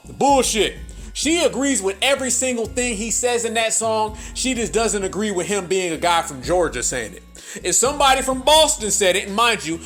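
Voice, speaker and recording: A man with a high, fairly bright voice hosts political commentary, emphatic and profane. He repeats his points for emphasis in a preacher-like way.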